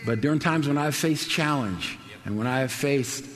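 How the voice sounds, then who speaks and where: A man preaching a sermon with passion, swinging between soaring, shouted lines and hushed, quiet ones. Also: mid-range voice, moderate pace. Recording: long hall reverb, faint background noise.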